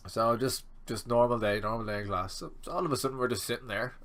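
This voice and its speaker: A young man in his twenties telling a rambling, animated storytime vlog, swearing freely. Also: medium pitch, fast talker. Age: 20s. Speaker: student vlogger.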